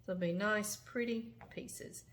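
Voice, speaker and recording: A Southern woman with a Louisiana drawl walks viewers through her kitchen prep, chatty and folksy. She talks slowly and easily, at a middling pitch. Chopping and clatter come through clearly behind her voice. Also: steady tone, a bit bright, slight background noise. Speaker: cooking show host. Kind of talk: cooking demonstration. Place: home kitchen.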